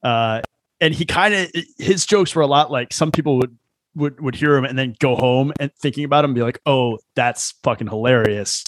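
A man in a casual conversation, relaxed and reflective, swearing now and then. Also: a little high, brisk, no echo. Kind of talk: casual chat.

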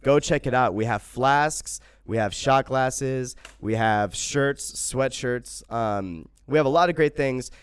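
A man's voice: medium pitch, slow pace, hardly any pauses, clear, resonant tone, no room sound. A young man co-hosting a podcast, joking around and laughing often between ad reads. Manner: jokey, laughs often, loud bursts. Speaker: podcast co-host. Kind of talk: casual podcast banter with ad reads.

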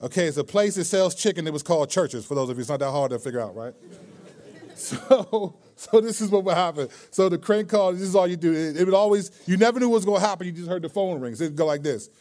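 A male pastor gives a loose, conversational sermon. His voice sits fairly high for a man. He jokes and tells stories, often restarting his sentences. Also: lively intonation, fast, a little mellow. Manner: joking, storytelling, chatty with many restarts.

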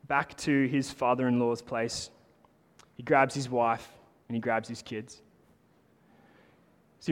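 A man preaching a sermon in a casual, animated way, talking to the congregation like friends. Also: medium pitch. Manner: conversational, animated preaching with lots of "like". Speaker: pastor. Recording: long hall reverb.

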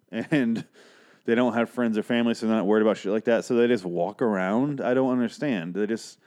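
A man's voice: fairly low pitch, a little fast, a little mellow. A man hosting a podcast alone, rambling and swearing as he recaps a story and acts out the characters. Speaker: podcast host. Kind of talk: casual solo podcast chat.

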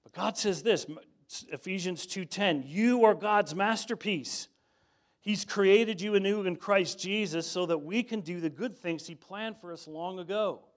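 A man's voice: high voice, unhurried. A man preaching a sermon in a conversational way, telling stories and often saying "man". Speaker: pastor.

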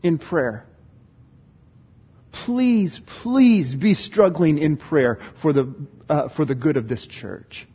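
A man preaching a sermon as pastor, animated, acting out church members' voices. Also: on the high side, slow pace, husky, dull audio.

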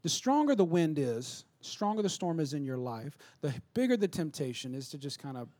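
A man preaching a sermon in a conversational, repetitive way that builds to shouting. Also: on the high side, very animated, normal speed.

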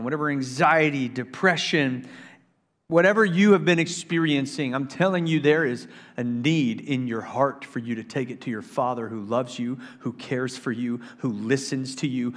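A male pastor preaching a sermon in a church, swinging between loud, excited preaching and hushed intensity, emphatic and repetitive. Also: medium pitch. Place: church sanctuary. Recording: long reverb of a large hall.

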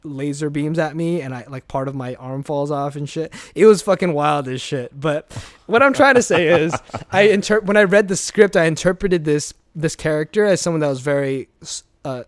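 A man's voice: a little high, moderate pace, dry recording, clean studio sound. A young man, a former speech competitor, chatting casually as an interview guest, rambling with restarts and swearing freely.

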